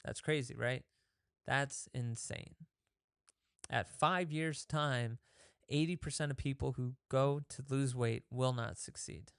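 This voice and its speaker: A man with a smooth, resonant voice talks casually as a fitness host, coaching his listeners. He often acts out the thoughts in people's heads and restarts his sentences. The sound is close and dry, with no room echo. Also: medium pitch, steady tone, slow, fairly bright tone. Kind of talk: casual motivational talk.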